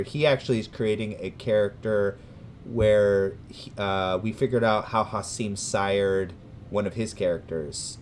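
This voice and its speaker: Rambling Californian man streaming, low-voiced. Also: slight background noise. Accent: American, Californian. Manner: rambling and hesitant, many restarts, bursts of loud cheerful greetings. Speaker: gaming livestreamer. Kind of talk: casual livestream chat with viewers.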